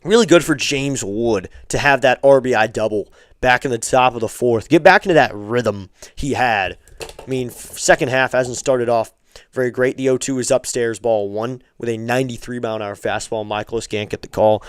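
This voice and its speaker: A man calling amateur baseball play-by-play on a live stream, calm between pitches and lifting his voice on each hit, with chatty asides to viewers. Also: normal speed, clean tone, no room sound, clean studio sound.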